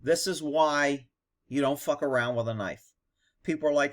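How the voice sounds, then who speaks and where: Blunt, sarcastic higher-voiced man. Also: normal speed, a little hiss or hum. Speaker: commentator on police videos. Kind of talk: video commentary.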